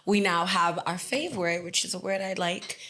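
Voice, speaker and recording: A woman's voice: on the low side, normal speed, bright, forceful tone. A woman co-hosting a casual podcast, reading out word definitions and laughing easily between them. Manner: reads word definitions aloud, laughs often. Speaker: podcast co-host.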